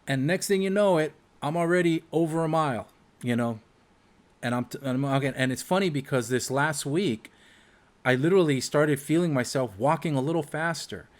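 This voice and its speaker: A man's voice: on the high side, moderate pace. A man hosting a casual chat, talking in a chatty way with many fillers. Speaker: host.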